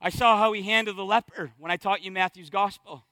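A man preaching a sermon as pastor, impassioned and conversational, dropping to a hush and then rising loud. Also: sits high, fairly even intonation, a little fast, no echo. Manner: impassioned, swings from hushed to loud.

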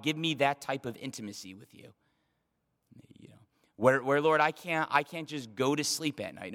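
A man preaches with earnest intensity, doubling up words as he presses a point. His voice is fairly high and forcefully bright. A long reverb trails after him, as if he speaks in a large hall. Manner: earnest, repeats words when emphasizing. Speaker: pastor. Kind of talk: sermon.

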